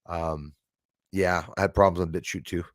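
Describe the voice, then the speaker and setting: A man's voice: sits low, fairly even intonation, moderate pace, no echo, studio quality. A man hosting a casual livestream, rambling and reading viewer comments aloud with jokey asides. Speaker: livestream host reading chat.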